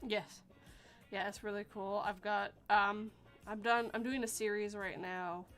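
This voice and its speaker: A woman hosting a casual podcast, chatty and quick to laugh. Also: mid-range voice, little pitch movement, fairly bright tone, faint music behind. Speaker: podcast host.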